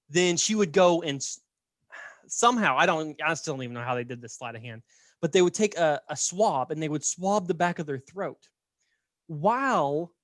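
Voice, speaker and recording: A man's voice: a little high, dry recording, clean studio sound. A man casually telling a story on a podcast, chatty and laughing, often checking in with "right?". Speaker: podcast host.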